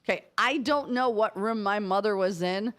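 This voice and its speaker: A woman's voice: medium pitch, normal speed, a bit bright. A middle-aged woman co-hosting a radio show, telling family stories in casual chat and laughing often. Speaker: radio co-host.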